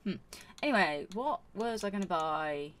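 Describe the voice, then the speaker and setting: A woman's voice: on the low side, animated, moderate pace, a bit bright, slight background noise. A woman chatting casually while playing a farming game for her channel, rambling and scolding herself with many fillers. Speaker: gaming YouTuber. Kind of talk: casual gameplay commentary.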